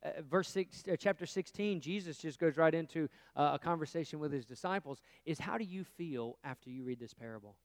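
A man preaching a sermon as pastor, earnest, rising to emphatic peaks and dropping to hushed asides. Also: on the high side, a little fast, hardly any pauses, dry recording.

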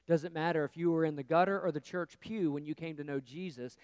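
A man preaching a sermon as pastor, earnest, rising to emphatic peaks and dropping to hushed asides. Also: on the high side, fairly quick, hardly any pauses, clean tone, no room sound.

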